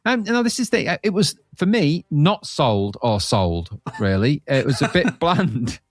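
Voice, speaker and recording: Joking man with lively pitch. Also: dry recording, clean studio sound. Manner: jokey, quick banter. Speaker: podcast co-host. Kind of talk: casual chat.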